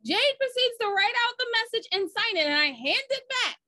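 A woman's voice: very high-pitched, sing-song, a little fast, pushed and bright, dry recording. A woman guest and writer on a podcast, chatting casually and teasing her co-guest playfully. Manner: playful teasing, throwing mock shade. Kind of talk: casual chat.

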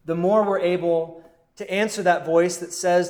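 A man preaching a sermon as a pastor, in a measured way with deliberate pauses. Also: sits high, steady tone, a little mellow.

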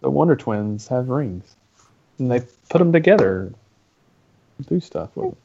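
A man's voice: mid-range voice, very animated, measured pace, gravelly, mellow, breathy edge, dull audio. A man in a casual podcast chat who asks puzzled questions.

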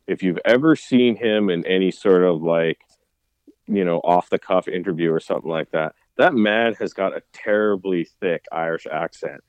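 A man's voice: normal speed, no room sound. A man co-hosting a podcast in casual chat, talking with enthusiasm and his voice leaping up when he agrees. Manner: enthusiastic, with pitch jumping up on agreement. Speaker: podcast co-host.

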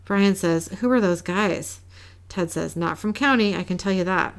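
A woman co-host with a gravelly edge to her voice talks through a TV episode scene by scene. She reads the quoted dialogue in a flat, low-key way, with no big character voices. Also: normal speed. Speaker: podcast co-host recapping an episode. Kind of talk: casual recap, reading dialogue aloud.

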